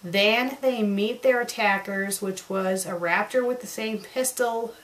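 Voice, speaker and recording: A woman's voice: mid-range voice, unhurried. A woman reviewing fan fiction, reading passages aloud and breaking in with sarcastic, exasperated commentary.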